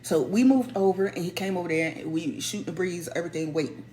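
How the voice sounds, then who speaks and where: A woman telling a personal story in a casual, animated way, stressing and repeating her points. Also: on the low side, fast. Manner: animated, emphatic, repeats key phrases.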